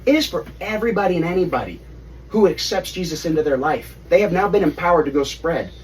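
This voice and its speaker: A man's voice: a little high, lively intonation, fast, slight background noise, pitched above the performer's own voice, natural voice. A man voicing an exasperated male teacher who scolds his followers, with a raised, incredulous manner. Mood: firm. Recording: distant mic, faint room ambience.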